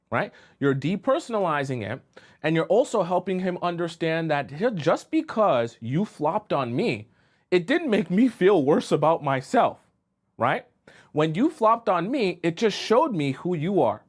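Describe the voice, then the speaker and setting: A man's voice: fairly high pitch, big pitch swings, a little slow. A man giving dating advice as a coach on a live stream. He speaks emphatically and often checks in with "right?" and "okay?".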